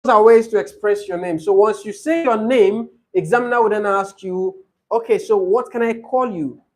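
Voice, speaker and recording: Male tutor, higher-pitched, patient and repetitive coaching delivery. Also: moderate pace. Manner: explains patiently, repeats examples, laughs easily. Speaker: IELTS speaking tutor. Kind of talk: classroom coaching.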